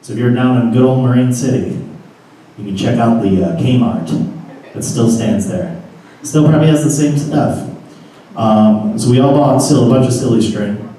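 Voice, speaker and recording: A man's voice: mid-range voice, moderate pace, mellow. A man telling a comic story about his youth to a live audience, casual and profane. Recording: roomy live room from a distance.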